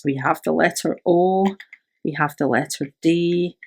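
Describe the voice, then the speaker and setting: A woman's voice: fairly low pitch, a little slow. A woman giving a pick-a-card tarot reading, speaking in a soothing, affirming way and often tagging her phrases with "right?". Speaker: tarot reader.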